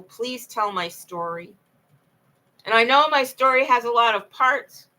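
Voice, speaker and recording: Bright-voiced woman in impassioned monologue. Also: fairly high pitch, low-quality recording. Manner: impassioned, rambling, repeats herself. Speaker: vlogger telling her own story. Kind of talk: late-night monologue to camera.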